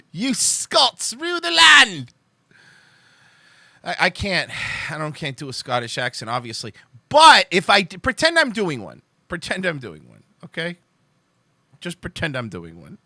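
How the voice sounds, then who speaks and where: A man's voice: on the high side, wildly swooping pitch, moderate pace, sharp tone, no echo. A young man hosting a live stream, rambling and joking with his viewers, swearing freely and laughing often. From Cuban heritage. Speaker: livestream host.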